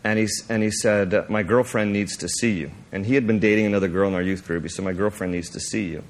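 A male pastor telling a story in a sermon, animated and acting out the scene. He rambles with fillers and restarts, and his voice jumps high when he gets excited. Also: fast talker.

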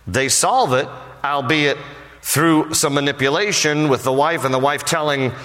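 A male pastor preaching a sermon, telling a story in a humorous, animated way. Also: fairly high pitch, unhurried. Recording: long reverb of a large hall.

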